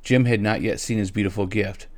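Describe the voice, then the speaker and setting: A man narrating a story aloud in a gentle way, at times speaking directly to his listeners. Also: deep voice, flat delivery, fairly quick, no room sound. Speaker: reader.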